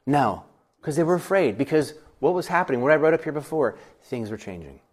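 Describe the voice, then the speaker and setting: Animated man teaching a Bible study. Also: on the high side, quick pace. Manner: animated, acts out voices, laughs often.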